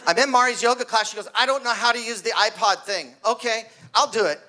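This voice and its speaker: A man in his sixties with a very high-pitched voice talks at a quick pace, telling a stand-up story at his own birthday party in a party hall full of guests. He tells it animatedly, acting out the screams and voices of the people involved.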